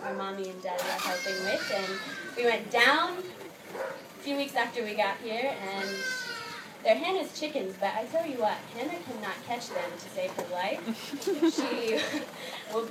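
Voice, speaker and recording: A woman's voice: a little high, expressive, a little slow. Young woman giving a giggly thank-you speech. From United States. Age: young adult. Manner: laughs often while telling stories. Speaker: exchange student giving thanks. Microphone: microphone held at a distance. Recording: distant mic, noisy outdoor ambience.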